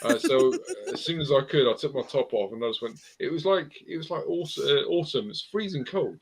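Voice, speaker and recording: A man in his forties hosting a casual live chat, an animated storyteller who laughs at his own tales. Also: fairly high pitch, brisk, a loud crowd. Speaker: host.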